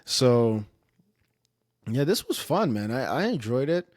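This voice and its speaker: A man's voice: medium pitch, very animated, slow, a little mellow, no echo, studio quality. A man streaming casual commentary in a rambling, self-interrupting way, often trailing off and restarting.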